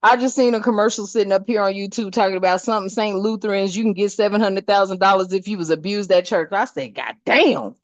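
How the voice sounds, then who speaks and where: A woman's voice: mid-range voice, steady tone, quick pace, few pauses, no echo. Blunt, salty older woman on a dull, dry mic. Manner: salty, blunt and preachy, full of swearing and asides to "family". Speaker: spiritual channel host. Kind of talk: casual spiritual vlog talk.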